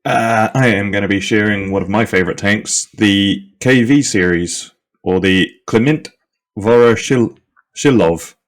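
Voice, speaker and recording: A man with a New Zealand accent talks in a relaxed, easygoing way over a home mic. His voice sits a little low, and he stops and starts with plenty of ums and quick laughs. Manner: laid-back, laughs easily, halting with ums. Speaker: podcast co-host, presenter of the episode topic. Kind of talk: casual podcast chat.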